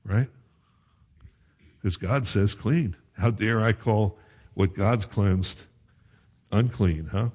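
Male pastor, slightly low and husky voice, conversational preaching with asides. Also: slow, long pauses, a little mellow. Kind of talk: sermon.

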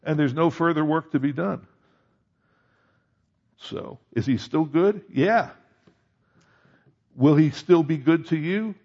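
A man's voice: on the high side, takes it slowly, pauses often, darkish tone, dull audio. A male pastor preaching a conversational sermon, rising to emphatic peaks on key points.

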